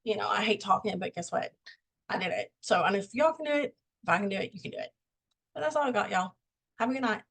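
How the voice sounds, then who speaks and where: A woman's voice: medium pitch, fast talker, gravelly, a bit bright, slightly rough, rough recording. Candid folksy woman on a video call. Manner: candid, folksy, self-deprecating. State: out of breath. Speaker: team member sharing sales tips. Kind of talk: casual motivational team talk.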